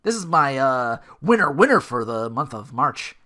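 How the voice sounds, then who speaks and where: A man hosting his own podcast, talking alone in a loose, rambling style. His pitch is lively and bounces up and down a lot. He keeps tripping over his words and running himself down. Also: normal speed. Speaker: podcast host. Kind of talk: casual solo podcast monologue.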